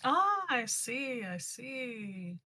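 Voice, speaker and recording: A woman's voice: fairly high pitch, sing-song, very slow, pushed and bright. A woman playing a tabletop game, bantering in character in an amused, chatty way. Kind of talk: in-character roleplay.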